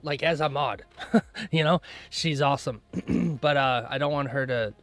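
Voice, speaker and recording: A young man chatting casually with his viewers while live streaming trades, rambling, laughing often and clearing his throat. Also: mid-range voice, a little slow, fairly bright tone, no echo, soft background music. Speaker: livestreaming futures trader.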